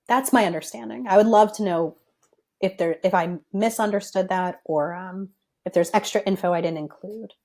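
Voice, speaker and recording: A woman's voice: mid-range voice, moderate pace, a little mellow. A young adult woman, a physical therapist guest on a podcast, explaining things step by step in a thoughtful, careful way.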